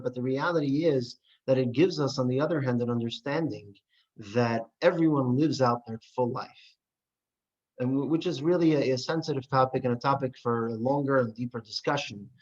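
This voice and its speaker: A man teaching a class on Jewish texts, reading passages aloud and explaining them earnestly. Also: medium pitch. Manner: earnest, animated, reads and paraphrases text aloud. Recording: dull lo-fi recording.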